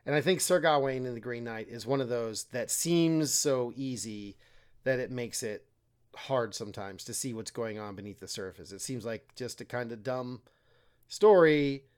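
A man's voice: medium pitch, moderate pace, clean tone. Man explaining a medieval poem. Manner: explanatory, self-deprecating, acts out quoted lines. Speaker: podcast co-host, literature teacher. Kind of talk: casual literary discussion.

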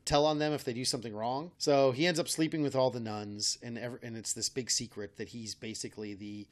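A man's voice: medium pitch, fairly even intonation, fairly quick. A man hosting a casual chat, rambling and correcting himself with a wry tone. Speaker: podcast host.

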